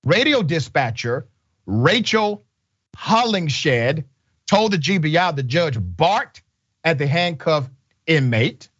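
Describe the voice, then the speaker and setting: A man's voice: fairly high pitch, lively intonation, slow pace, a bit bright, breathy edge, dull audio. A man hosting a news commentary show, emphatic and indignant, speaking in short punchy sentences. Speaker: show host.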